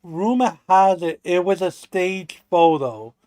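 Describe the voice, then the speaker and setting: High-voiced man rambling slowly on stream. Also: animated, a little mellow, dry recording. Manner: rambling, restarts and profane rants. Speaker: stream co-host. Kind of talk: casual livestream chat.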